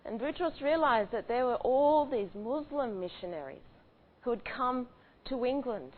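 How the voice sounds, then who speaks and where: A woman retelling a true story in a conversational way, often restarting her sentences. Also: medium pitch. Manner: conversational with frequent restarts and fillers. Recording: tinny phone-like audio with faint hiss.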